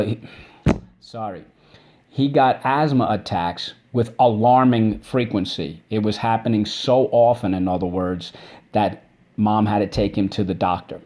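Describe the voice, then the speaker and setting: A man's voice: lowish voice, darkish tone. A man teaching a vocabulary and spelling lesson. He breaks words into syllables and checks in with "okay?" after each point. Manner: drawn-out syllable drills.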